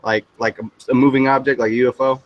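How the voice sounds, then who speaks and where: A man excitedly telling a personal story, swearing freely and acting out the voices of the people in it. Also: medium pitch, fast talker, lo-fi sound, crowd noise. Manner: animated, profane, mimics voices in the story. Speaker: guest.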